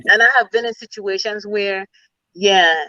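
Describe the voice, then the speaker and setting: A woman's voice: mid-range voice, steady tone, moderate pace, sharp tone, muffled recording. A middle-aged woman from the Virgin Islands with a Virgin Islands accent, a military officer telling stories as a guest in a casual interview. She talks emphatically and leans on "you know" and "you understand.".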